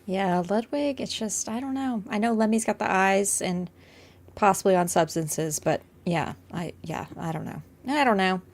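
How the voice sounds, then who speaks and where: A laid-back woman co-hosts a casual chat in an ordinary mid-range voice. She thinks aloud, with ums and drawn-out words. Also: mid-range voice. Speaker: podcast co-host.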